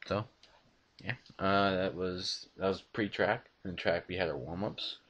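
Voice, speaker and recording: A man's voice: sits low, a little slow, a bit bright. A young man in his teens rambling casually in a vlog, swearing a lot and stumbling over words. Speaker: vlogger. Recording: slightly dull lo-fi recording.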